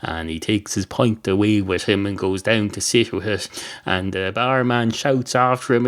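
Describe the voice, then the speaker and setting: A man's voice: on the low side, moderate pace. Rambling Irish man, comic monologue. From Ireland. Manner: meandering, self-interrupting, puts on voices for jokes. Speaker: podcast host.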